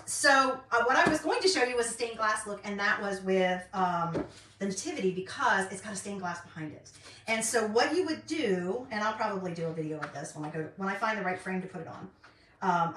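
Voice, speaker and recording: Middle-aged woman, rambling craft chat, bright tone, roomy far-off mic. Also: medium pitch. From North Carolina, US. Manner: rambling and chatty, many ums. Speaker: craft vlogger. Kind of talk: casual chat while crafting. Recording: roomy, distant, faint noise.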